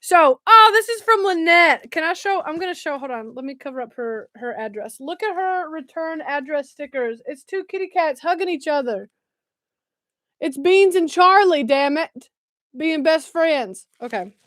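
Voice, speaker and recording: A woman's voice: high voice, lively intonation, moderate pace, fairly bright tone, no room sound, studio quality. A woman, chatting casually on a livestream and reacting to viewer comments while unboxing. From West Tennessee, US. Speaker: livestream host. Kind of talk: casual live-stream chat.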